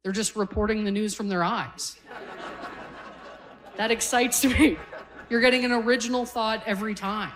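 A woman's voice: mid-range voice, fairly even intonation, normal speed, long pauses, fairly bright tone, big-room sound. A woman in her forties from Canada doing a stand-up set, chatty and self-deprecating, often laughing through her lines. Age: 40s. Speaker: stand-up comedian. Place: comedy stage before a live audience.

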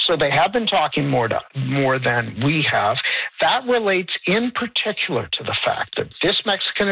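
A man speaks over a tinny, dry phone line, his voice gravelly and a touch husky. He explains trade matters at a measured pace, with plenty of "um" and "you know." His pitch moves in a lively way as he makes his points. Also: no room sound. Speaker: policy professor guest. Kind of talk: radio interview analysis.

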